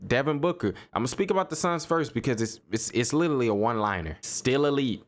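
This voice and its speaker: A young man hosting a casual solo basketball podcast, talking in a loose, animated way, repeating himself and laughing as he riffs on games. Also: medium pitch, fast. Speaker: sports podcast host. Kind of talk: casual solo sports commentary.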